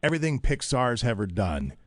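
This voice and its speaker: A man's voice: medium pitch, very animated, no echo. A man hosting a morning radio show, chatting in a jokey, rambling way from a radio studio. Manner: jokey, rambling, quick asides. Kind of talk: casual radio chat.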